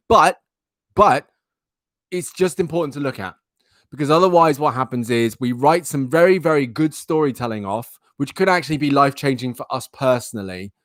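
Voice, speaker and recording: A man's voice: fairly high pitch, no room sound, clean studio sound. A young man hosting a live stream, chatting animatedly with his viewers. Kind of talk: casual live-stream chat.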